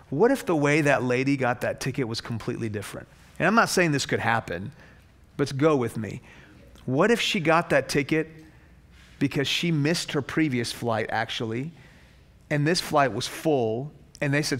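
A man's voice: mid-range voice, expressive, normal speed, a bit bright. A man preaching a sermon as a pastor, telling stories with acted-out dialogue and building to passionate emphasis. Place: seminary chapel.

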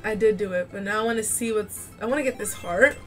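A woman chatting excitedly while playing a video game, often shrieking and laughing. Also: medium pitch, fast talker, faint music behind. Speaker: gamer playing on stream. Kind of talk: casual gaming commentary.

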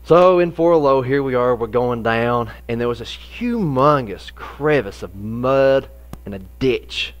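A middle-aged man, a pastor telling a folksy personal story in a sermon, lively in the funny parts and quieter when serious. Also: medium pitch, measured pace.

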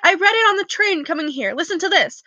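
Play an earnest young boy wizard, eager and sincere, in a high, bright voice, as a woman reads him aloud. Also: animated, fast, dry recording, muffled recording, full character voice. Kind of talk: audiobook character voice.

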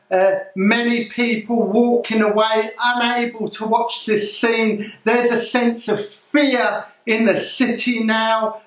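Solemn pastor as a slow on-scene reporter. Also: male voice, high-pitched, fairly bright tone, reverberant, rough recording. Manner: solemn reporter's commentary, halting restarts. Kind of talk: sermon as a mock live news report.

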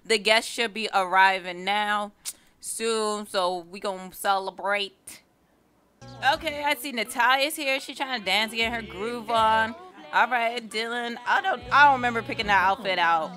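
A woman's voice: a little high, a little slow, pushed and bright. Foul-mouthed, playful woman gamer, music behind. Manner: profane, playful, dramatic trash talk at the game. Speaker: let's play gamer. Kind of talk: casual gameplay commentary. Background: game music.

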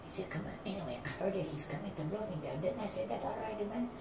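A man's voice: sits high, animated, very fast, gravelly. A man putting on a grumbling slangy Chicano guy. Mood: complaining. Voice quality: drawling slang, says "man" constantly. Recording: roomy, distant, noisy room.

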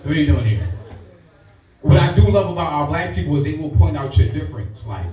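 Brash New stand-up comedian. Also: male voice, fairly high pitch, lively intonation, brisk, muffled recording. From Brooklyn, New York. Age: middle-aged. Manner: brash, profane, crowd-teasing. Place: comedy lounge, live audience. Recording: echoey club from far off, music, crowd.

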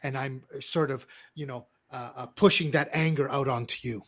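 A man hosting a casual interview over a video call, halting with restarts and frankly cursing. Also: medium pitch, fairly even intonation, fairly bright tone. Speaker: host, clarity coach.

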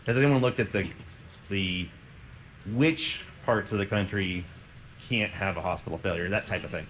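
A man's voice: low voice, normal speed, a bit bright, a little hiss or hum, rough recording. A man moderating a conference session, framing a long question with hesitations and fillers.

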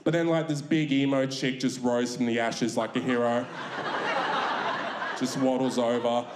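Laid-back young Australian comedian. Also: male voice, medium pitch, level tone, measured pace, echoey room, noisy background. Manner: laid-back, swearing, storytelling. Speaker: stand-up comedian. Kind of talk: stand-up routine. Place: comedy club stage.

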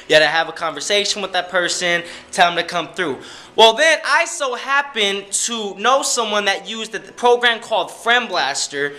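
A man's voice: sits high, sharp tone. A young adult man, a DJ and club promoter, talking in a rambling, hyped, playful vlog style with casual swearing.

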